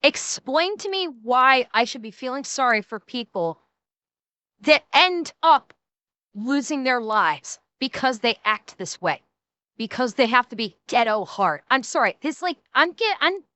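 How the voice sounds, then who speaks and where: A woman's voice: high-pitched, bright, forceful tone, no echo. A woman streamer in a heated, profane live reaction rant, talking into a desk microphone. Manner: angry, profane, heated ranting.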